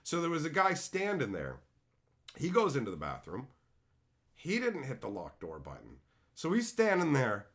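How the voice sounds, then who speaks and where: A man hosting a live stream, telling a story to his chat in a profane, exasperated, animated way and reading out viewer comments. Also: medium pitch, normal speed. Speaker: livestream host.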